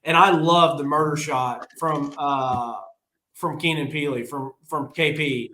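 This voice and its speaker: A man co-hosting a podcast, talking excitedly in a casual, rambling way with lots of restarts. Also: a little high, unhurried, echoey room, a little hiss or hum. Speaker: podcast co-host. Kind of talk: casual sports chat.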